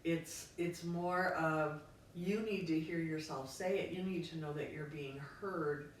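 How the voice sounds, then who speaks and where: A woman talks things through in a reflective, searching way, dotting her sentences with fillers. Her voice sits on the lower side. The recording is very echoey, picked up from a distance with faint noise behind. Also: fairly even intonation, a little slow. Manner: reflective, thinking aloud with many fillers. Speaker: podcast co-host. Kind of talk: casual conversation.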